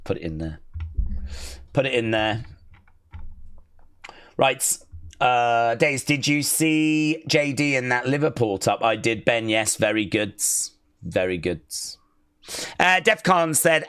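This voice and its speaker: A man's voice: mid-range voice, animated, takes it slowly, pauses often, fairly bright tone. A man hosting a wrestling watch-along stream, chatting casually, rambling and reading out viewer comments. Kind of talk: casual live-stream chat.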